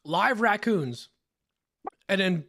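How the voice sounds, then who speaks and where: A man's voice: high-pitched, animated, slow pace, a bit bright. A man co-hosting a podcast in casual banter, joking and laughing often. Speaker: podcast co-host.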